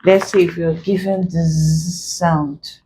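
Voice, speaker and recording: A woman tutoring exam pronunciation, speaking deliberately and repeating each example word to drill the sounds. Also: on the low side, fairly even intonation, mellow, a little hiss or hum, poor audio. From Nigeria. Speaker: English tutor. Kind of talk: exam-prep pronunciation lesson.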